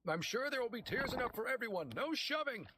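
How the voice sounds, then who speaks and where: A man voicing a flustered male church lay assistant, pleading loudly over a crowd in a storybook reading. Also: very high voice, expressive, a little fast, noisy background, voice pushed up.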